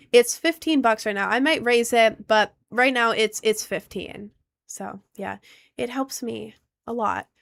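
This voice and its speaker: Woman, streamer, casual live-stream chat, rambling, filler-heavy, fairly high voice. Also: creaky. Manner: rambling, chatty, lots of fillers and restarts.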